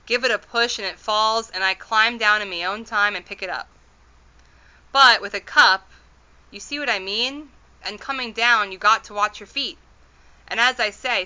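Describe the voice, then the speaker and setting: Storybook: woman reads an old, plain-spoken tiny father, slow and rustic, clean bright tone. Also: medium pitch, muffled recording. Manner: rustic ungrammatical speech, rambling and reassuring. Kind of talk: storybook read-aloud.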